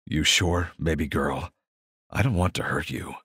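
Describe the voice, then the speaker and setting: A man voicing a huge, protective, dominant alpha shifter man with a low, intimate, commanding delivery, in an audiobook romance. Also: a little slow, a bit bright, slightly rough, no room sound, studio quality, full character voice. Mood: tender.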